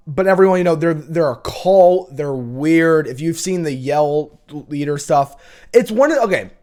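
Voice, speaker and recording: A man's voice: fairly high pitch, darkish tone. A young man hosting a college football show, talking in a casual, opinionated, rambling rant with many restarts.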